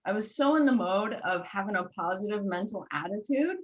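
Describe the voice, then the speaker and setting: Woman host, lively storyteller who acts out conversations, slightly muffled recording. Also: medium pitch, a little fast. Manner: enthusiastic storyteller, acts out dialogue. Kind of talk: conversational interview.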